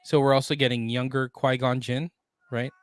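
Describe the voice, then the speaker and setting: A man co-hosting a casual pop culture news podcast, reading out news items and then riffing on them in a relaxed way. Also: medium pitch, normal speed, clean tone, no room sound, clean studio sound. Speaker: podcast co-host.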